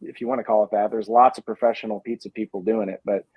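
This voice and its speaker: Speaking fast in a lowish, husky voice with little variation in pitch, the same kind of guest, a pizza dough company founder, hedges and muses on a casual video chat, using plenty of fillers. The lo-fi sound is dull but has no echo.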